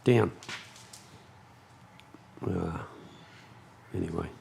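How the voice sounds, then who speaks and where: A man hosting a casual live stream from his shed, chatting slowly and snapping commands at his dogs. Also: deep voice, gravelly, slight background noise. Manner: slow, chatty, scolding his dogs in sharp bursts. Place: home workshop shed.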